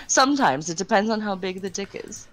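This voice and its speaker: A woman's voice: mid-range voice, expressive, fairly quick. A woman in casual chat on a live voice-chat stream, crude and teasing.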